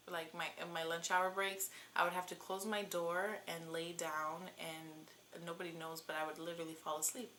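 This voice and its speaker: A woman's voice: on the low side, sharp tone, a little hiss or hum. A woman in her twenties telling a personal story in a casual, chatty vlog, with many fillers. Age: 20s. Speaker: vlogger.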